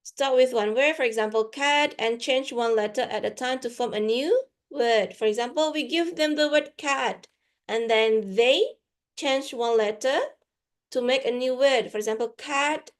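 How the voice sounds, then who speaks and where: A woman's voice: on the high side, unhurried. A woman with an Indonesian accent gives a guest lecture to teachers, giving classroom examples and slipping into Indonesian now and then. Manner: mixes Indonesian into English, frequent "for example".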